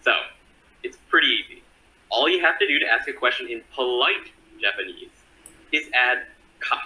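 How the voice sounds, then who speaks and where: A man explaining a textbook lesson in a lively, upbeat way, heard in a clip played from a video. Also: medium pitch, normal speed, slight background noise, rough recording. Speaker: online Japanese tutor.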